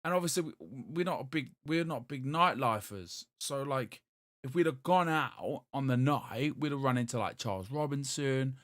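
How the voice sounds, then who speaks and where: A man, co-hosting a podcast in casual, excitable chat full of swearing and restarts. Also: medium pitch, moderate pace, dry recording, clean studio sound. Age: 30s. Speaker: podcast co-host.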